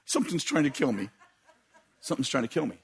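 Guy doing a whiny dramatic young dude begging for prayer, husky, all over the place. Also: medium pitch, sing-song, fast, pitched below the performer's own voice, heavily acted. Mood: pleading. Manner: breathless, pleading, dramatic. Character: dramatic, troubled young man pleading.

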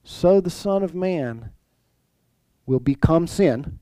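A man's voice: fairly high pitch, lively intonation, slow pace, mellow, clean tone, no echo, low-quality recording. A male pastor preaching a sermon in a conversational way, full of restarts and rhetorical questions.

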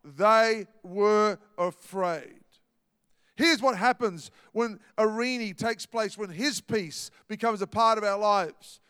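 A man preaching a sermon, animated and dramatic. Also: high voice, unhurried, hardly any pauses, clear, resonant tone, dry recording, clean studio sound, in a large hall. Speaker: pastor.

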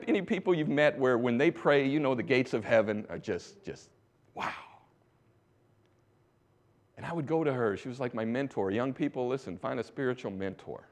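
A middle-aged preacher from the United States telling his story from the pulpit. His voice sits at an ordinary pitch for a man. He drops to near-whispers, then rises to loud, urgent exhortation. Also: lively intonation, normal speed. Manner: exhorting, swinging from hushed to loud. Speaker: missionary preacher. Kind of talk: sermon testimony.

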